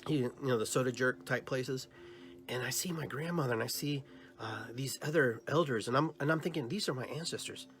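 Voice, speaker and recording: With faint music in the background, a male podcast host recounts a dream he had, voicing both people in each exchange. He speaks a little fast in a mid-range voice, his phrases trailing on with fillers and false starts.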